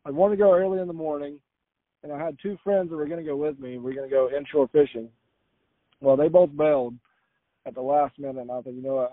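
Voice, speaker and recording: A man's voice: a little high, no echo. A man from rural Florida telling a long casual story, rambling and correcting himself with frequent "uh". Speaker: guest storyteller. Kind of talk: casual anecdote. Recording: tinny phone-like line, dry.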